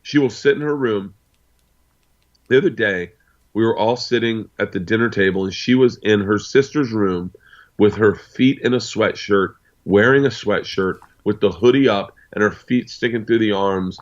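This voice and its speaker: A man's voice: fairly low pitch, moderate pace, muffled recording. A man in his forties, a guest on an interview show, telling rambling anecdotes full of asides. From United States. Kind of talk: casual storytelling.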